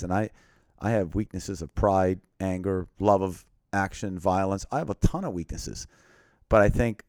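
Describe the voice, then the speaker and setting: A man earnestly telling a personal story as an interview guest, often dropping to a quiet, grave tone. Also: sits low, no room sound, clean studio sound.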